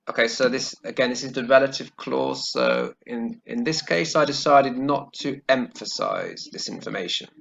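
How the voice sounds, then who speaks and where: A man teaching English grammar, explaining slowly and carefully and checking in with "okay" as he goes. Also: mid-range voice, steady tone, vocal fry, a bit bright, slight background noise. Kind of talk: grammar lesson while writing on screen. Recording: dull lo-fi recording.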